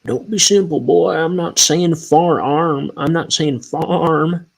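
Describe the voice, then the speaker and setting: A man puts on a blustery, condescending older man who lectures in a drawl. The voice is pushed up higher than a normal speaking voice, with a gravelly, husky grain. The delivery is loud and bossy. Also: slow pace, exaggerated voice. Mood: scolding.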